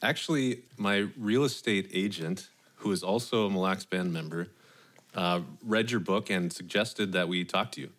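A man's voice: low voice, moderate pace, a bit bright. A man co-hosting a radio talk show, chatting in a friendly, conversational way. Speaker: podcast co-host. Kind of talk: casual radio chat.

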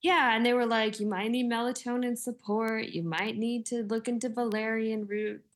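Woman in her 40s, kinda high voice, rambly chatty storyteller, laughs a lot. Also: steady tone, normal speed. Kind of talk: casual chat.

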